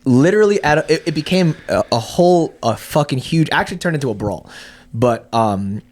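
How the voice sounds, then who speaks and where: A young man chats on a podcast mic, telling stories in a loose, profane way. He often restarts mid-sentence and picks up speed as he goes. His voice sits at an average pitch for a man. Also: normal speed. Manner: profane, animated storyteller who uses many restarts. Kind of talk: casual podcast chat.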